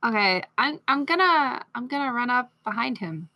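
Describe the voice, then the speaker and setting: A woman playing a tabletop game, speaking haltingly and laughing often. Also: fairly high pitch, expressive, bright, forceful tone, dry recording. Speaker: player. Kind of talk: casual tabletop play.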